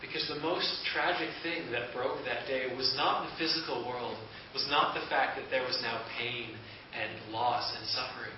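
A man's voice: mid-range voice, steady tone, moderate pace, hardly any pauses. Earnest man telling a Bible story. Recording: echoey, distant, dull with hiss.

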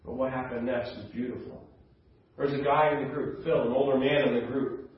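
A man delivers an earnest sermon as a pastor, easing into quiet low asides before pressing forward with raised emphasis. His voice carries a heavy room echo and sounds picked up from some distance. The sound is slightly dull. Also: steady tone, a little fast.

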